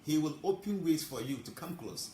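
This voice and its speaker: A man's voice: a little high, expressive, mellow. Man preaching in an echoey room. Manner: emphatic, drawn-out phrasing, chuckles between points. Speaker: spiritual teacher. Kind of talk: sermon. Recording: roomy with faint ambient noise.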